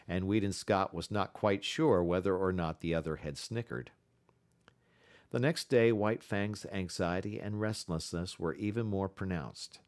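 Low-voiced male audiobook narrator. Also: darkish tone.

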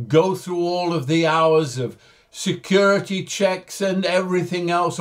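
An older man chats casually to his viewers about a flight he is about to fly. He speaks slowly and in a relaxed way. His voice sits a little high, and he keeps things cheerful and jokey. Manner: cheerful, chatty, slow and jokey. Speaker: flight sim video host. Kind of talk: casual chat to camera.

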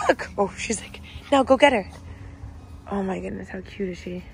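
A woman's voice: mid-range voice, normal speed, vocal fry, a little hiss or hum. A woman vlogging casually to her viewers, chatty and slipping into gushing baby talk with a puppy, at home and out on a farm. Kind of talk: casual vlog chat.

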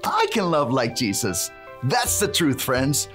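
A woman's voice: extremely low pitch, big pitch swings, slow, soft background music, exaggerated voice. A woman playing a cheerful handyman who teaches a children's Bible lesson, cheering and tossing in Spanish words.

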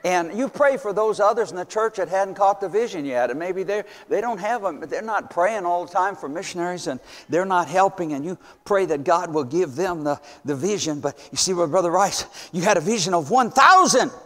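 Older man in his seventies, folksy preacher, high-pitched, stammers and whoops, sermon in a reverberant church. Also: normal speed, few pauses. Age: 70s. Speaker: visiting missions preacher. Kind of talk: storytelling sermon. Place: church sanctuary.

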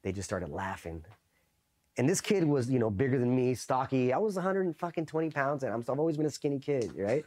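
A man's voice: mid-range voice, lively intonation, brisk, warm tone. A man from East Los Angeles, a Marine veteran, telling stories in a casual, profane interview, loose and full of "you know" and "right?".

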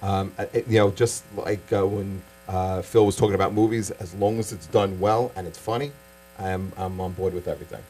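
A stand-up comic from Staten Island, delivering a punchy set with quick asides, then chatting casually in an interview. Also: male voice, sits low, steady tone, dark tone, slight background noise, rough recording. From Staten Island, New York.

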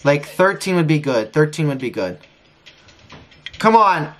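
A man streaming a casino session, frustrated, talking excitedly and repeating his pleas to the wheel. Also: fairly high pitch, measured pace. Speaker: gambling streamer. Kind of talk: live casino session commentary.

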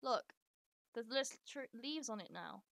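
A woman casually commenting while she streams a life-sim game, chatty and sweary, talking to her characters and breaking into excited squeals. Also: on the high side, a little slow, gravelly, no room sound, studio quality. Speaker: live streamer.

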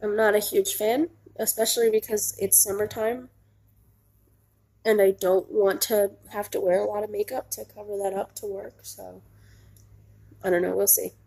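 A young woman vlogging with a stuffy, nasal sound from a cold. Her voice is mellow and a little husky, and she rambles through a casual update with plenty of ums and likes. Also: medium pitch, flat delivery, moderate pace. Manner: rambling, lots of ums and likes, laughs easily. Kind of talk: casual chat.

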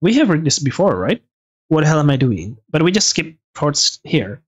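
A man reading a visual novel aloud with casual asides, halting and restarting words. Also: a little high. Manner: halting, restarts words, reads with some feeling.

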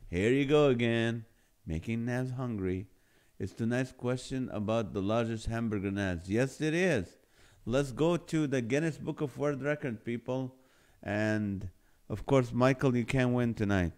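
A man's voice: on the low side, a little mellow. Playful, laughing male live-stream host. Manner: laughs often, jokey and playful. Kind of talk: casual live-stream chat reading viewer comments.

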